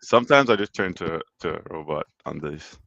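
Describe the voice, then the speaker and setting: A man speaking as a guest on a video call, relaxed and easygoing. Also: extremely low pitch, brisk, creaky, no echo. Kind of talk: casual video-call chat. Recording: dull, dry video-call audio.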